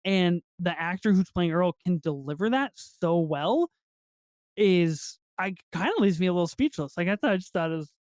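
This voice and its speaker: A man co-hosting a podcast in casual film review chat, excitable and swearing freely as he acts out movie lines. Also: sits high, moderate pace, no room sound, studio quality. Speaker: podcast co-host.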